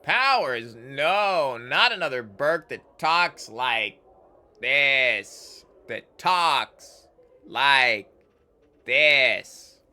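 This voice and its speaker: A man voicing a wisecracking, sarcastic floating skull companion in a louder, slightly raised voice. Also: mid-range voice, very animated, takes it slowly, full character voice. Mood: mocking. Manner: sarcastic, mocking. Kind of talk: reading game dialogue aloud.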